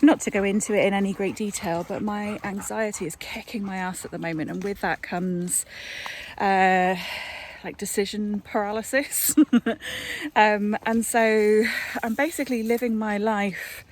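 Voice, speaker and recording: A woman's voice: medium pitch, fairly even intonation, normal speed, slight background noise. A woman, chatting casually in a book vlog, rambling along with plenty of fillers. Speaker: book vlogger.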